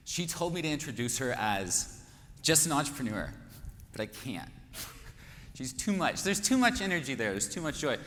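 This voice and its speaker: A man's voice: mid-range voice, fairly bright tone. Man on stage in an echoey hall. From Kansas. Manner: earnest, rousing, rhetorical questions. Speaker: conference host. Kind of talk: inspirational conference speech. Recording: echoey hall with faint noise.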